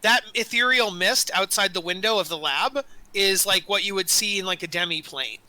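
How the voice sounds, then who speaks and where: Guy dm-ing a tabletop game, rambly with lots of ums, super bright high voice. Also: normal speed, no echo, rough recording. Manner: rambling, self-correcting, with many fillers. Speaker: dungeon master.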